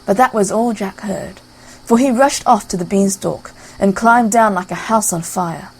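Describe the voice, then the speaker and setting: A woman narrating a classic fairy tale aloud in a lively storybook reading style. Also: mid-range voice, moderate pace, husky, rough recording.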